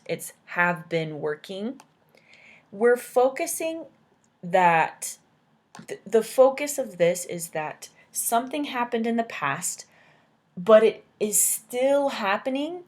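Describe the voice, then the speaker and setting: A woman teaching an English grammar lesson, explaining patiently and checking in with "right?" as she goes. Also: medium pitch.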